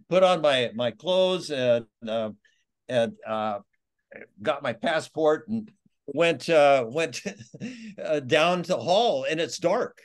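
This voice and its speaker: A man, an author, telling a dramatic travel story in a podcast interview, halting with restarts and chuckles. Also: on the high side, animated. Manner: halting, many restarts and laughs, acts out quotes. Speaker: author and guest.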